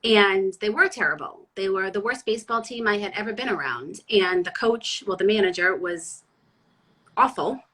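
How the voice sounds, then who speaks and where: Blunt, bright-voiced woman from Boston. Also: medium pitch, moderate pace, poor audio. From Boston area, USA. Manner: blunt, animated storytelling. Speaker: guest, chef and former sports reporter. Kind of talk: casual interview chat.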